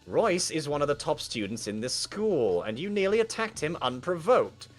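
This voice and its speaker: A man's voice: fairly high pitch, big pitch swings, normal speed, soft background music, pitched above the performer's own voice. A man voicing a stern, condescending middle-aged male principal who lectures.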